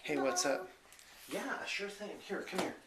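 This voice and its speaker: A man's voice: a little high, moderate pace, reverberant, distant mic, over a noisy crowd. A man giving a casual, rambling vlog update, full of hesitant fillers. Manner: chatty, hesitant with lots of fillers. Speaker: vlogger and small business owner.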